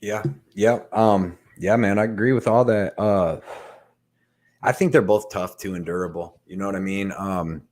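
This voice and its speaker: A man co-hosting a sports betting show, talking in a relaxed, loose way full of fillers. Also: low-pitched, normal speed. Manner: laid-back, lots of "man" and fillers. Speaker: co-host. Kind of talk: casual sports betting chat.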